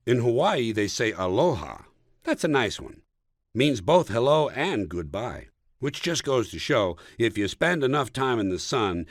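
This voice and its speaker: A man's voice: medium pitch, no echo, clean studio sound. A man from the United States reading his own comic book aloud in a sardonic, mocking, punchy way.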